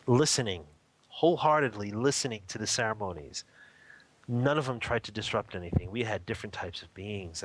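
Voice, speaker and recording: A man's voice: lowish voice, a bit bright. A man, a spiritual teacher, telling a personal story in a radio interview, earnest and vivid, often rephrasing as he describes what he saw.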